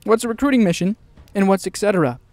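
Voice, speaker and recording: A man hosting a casual game news show, excitable and jokey, tossing in quick asides. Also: high voice, no echo. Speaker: gaming news host.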